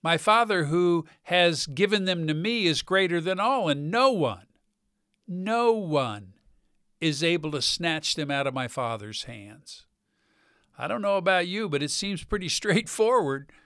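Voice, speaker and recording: A man's voice: a little high, animated, fairly bright tone, smooth, no echo, studio quality. A man preaching a sermon, reading scripture aloud earnestly and stressing key words. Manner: speaks slowly with stressed words.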